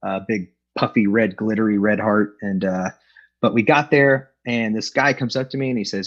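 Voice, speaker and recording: Middle-aged man, dry storyteller with a husky voice, joking through his recovery share on a dull-sounding online call. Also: lowish voice, steady tone, normal speed. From Los Angeles, California. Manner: wry, joking, acts out quoted voices. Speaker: AA speaker. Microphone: video call.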